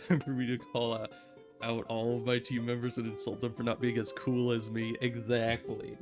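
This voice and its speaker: A man's voice: medium pitch, little pitch movement, normal speed. A man streaming a game, giving casual sarcastic commentary with rambling asides, over guitar music.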